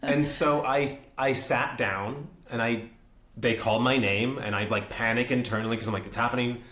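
A young adult man telling an animated story as an interview guest, acting out quotes and laughing often. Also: medium pitch, moderate pace, reverberant. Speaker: actor and guest.

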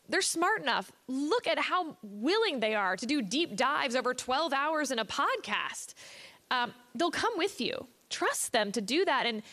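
High-voiced, emphatic woman panelist. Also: a bit bright. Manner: emphatic and opinionated. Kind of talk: panel discussion.

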